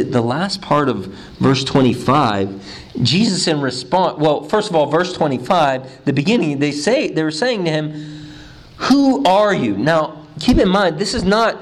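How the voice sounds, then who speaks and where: A man, a pastor, preaching a sermon, swinging between quiet low stretches and emphatic high ones, often repeating his first words. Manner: repeats words when starting phrases.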